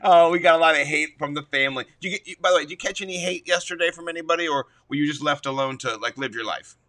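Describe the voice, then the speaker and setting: Upbeat jokey male podcast co-host, bright tense voice, slightly high. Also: rapid-fire. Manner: enthusiastic, jokey storyteller. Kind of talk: casual sports chat.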